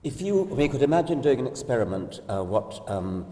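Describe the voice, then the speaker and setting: An older man interviewing, explaining ideas in a measured, precise way with slight hesitations. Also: mid-range voice, very animated, warm tone. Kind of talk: conversational interview. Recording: distant mic, echoey hall with long reverb.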